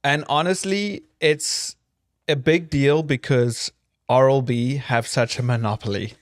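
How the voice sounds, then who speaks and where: A man's voice: mid-range voice, steady tone, slow, dry recording, studio quality. A man from South Africa co-hosting a podcast in a casual, joking chat with rambling asides. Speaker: podcast co-host.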